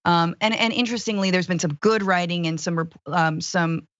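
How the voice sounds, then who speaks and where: A woman's voice: lowish voice, fairly quick, fairly bright tone, no room sound, muffled recording. Earnest woman guest in political talk. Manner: earnest, opinionated, casual slang. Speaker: podcast host, guest commentator. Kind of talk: political discussion.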